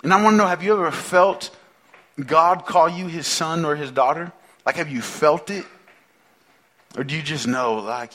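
A man's voice: fairly high pitch, normal speed, sharp tone. A male pastor preaching a sermon in a conversational way, asking the listeners many questions and repeating phrases for emphasis.

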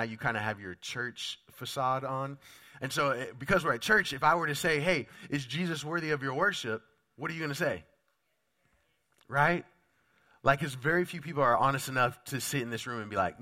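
A man's voice: medium pitch, bright, forceful tone. A man preaching a sermon, his voice sounding off from a lingering cough illness, talking conversationally and putting direct questions to the congregation. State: sick, voice sounds off. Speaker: pastor.

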